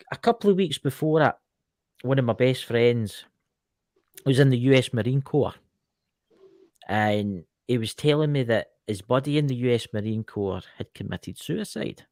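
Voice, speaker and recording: A man's voice: medium pitch, no room sound, studio quality. A man with a Scottish accent, a podcast guest telling a story in a chatty way, with many asides. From Scotland. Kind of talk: casual podcast chat.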